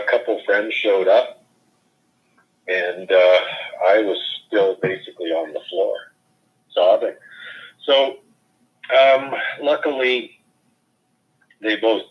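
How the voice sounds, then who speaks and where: A middle-aged father telling a personal account in a subdued, plain, matter-of-fact way. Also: on the low side. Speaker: bereaved father. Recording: dull lo-fi recording.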